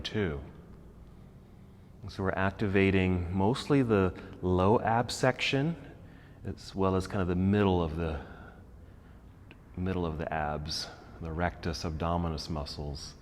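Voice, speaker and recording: A man leading a guided yoga class, giving calm, encouraging cues about posture and breathing. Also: low voice, a little slow, big-room sound, a little hiss or hum. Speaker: yoga instructor. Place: yoga studio.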